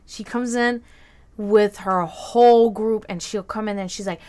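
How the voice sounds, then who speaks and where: A woman's voice: mid-range voice, steady tone, unhurried, darkish tone. A woman telling casual stories on a stream in a loose, chatty way, swearing freely and laughing often. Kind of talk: casual storytelling chat.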